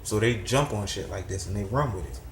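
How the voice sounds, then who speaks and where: A man's voice: lowish voice, fairly quick, echoey room, a little hiss or hum. A middle-aged man giving a heated, profane commentary rant that rises into disbelieving outbursts. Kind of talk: ranting commentary.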